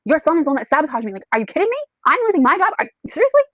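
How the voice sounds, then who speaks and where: Woman voicing excitable young heroine, indignant, voice jumping high, dry sound. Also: very fast, no room sound. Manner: exclaiming, high-pitched indignation.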